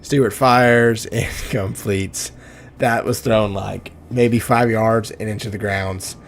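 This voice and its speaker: A man's voice: on the low side, fairly even intonation, slow pace, gravelly, slight background noise. A young man from Oklahoma doing joking play-by-play commentary on a video game football league, often laughing and stumbling over names.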